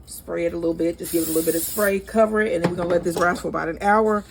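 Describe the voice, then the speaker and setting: A woman's voice: fairly low pitch, steady tone, racing, gravelly. A woman with a St. Louis accent hosting a casual home cooking video, chatting to viewers as y'all and laughing at herself. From St. Louis, USA. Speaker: cooking channel host. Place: home kitchen. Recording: noisy home recording.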